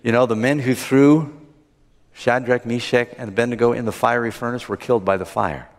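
A man preaching a sermon, retelling a Bible story and acting out the characters' lines with lively swings in pitch. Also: a little fast. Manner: acts out the characters' lines with rising animated pitch. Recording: long hall reverb.

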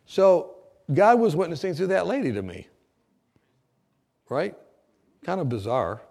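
A man preaching, telling his testimony as a lively story, often laughing and acting out the people in it. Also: a little high, measured pace, creaky. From United States. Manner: animated storyteller, often laughing, acts out shouts.

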